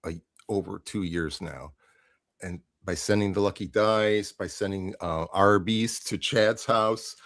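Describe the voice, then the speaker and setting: A man guesting on a live stream, teasing the host in a deadpan way. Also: low-pitched, unhurried, no echo, studio quality. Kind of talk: casual stream chat.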